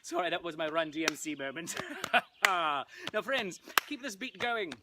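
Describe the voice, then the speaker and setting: A theatrical man clowning as a costumed Shakespeare, his pitch leaping all over as he coaxes an audience at home and breaks into silly songs. The recording carries heavy noise. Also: expressive, measured pace. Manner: theatrical, playful, bursts into nursery-rhyme singing. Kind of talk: interactive comedy show for viewers at home. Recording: loud background noise.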